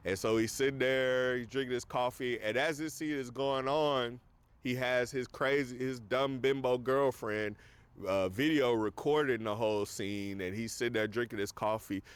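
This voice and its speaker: A man's voice: medium pitch, steady tone, moderate pace, smooth. A man casually recapping a movie on a podcast, rambling with lots of fillers. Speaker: podcast host.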